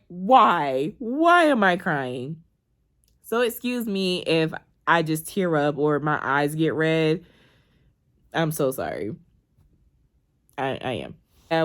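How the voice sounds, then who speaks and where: A woman, talking candidly and emotionally in a rambling, casual confessional vlog, swearing freely. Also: low-pitched. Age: 20s. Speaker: vlogger.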